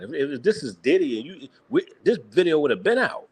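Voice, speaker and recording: A man's voice: a little high, big pitch swings, normal speed, a little mellow, husky. A man hosting a reaction commentary, talking emphatically and often breaking into mocking laughter. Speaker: host.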